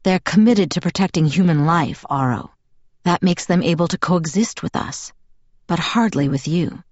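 A tense, protective young male vampire, put on by a woman narrating a storybook, his voice pushed low and clipped. He sounds harsh and guarded. The recording is dry and dull. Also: moderate pace, no room sound, close to an everyday voice.

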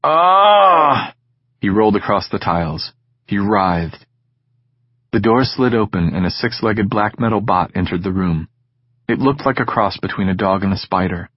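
A man narrating a science fiction audiobook in measured, steady storytelling. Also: low voice, breathy edge, no echo, dull audio. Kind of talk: scripted narration.

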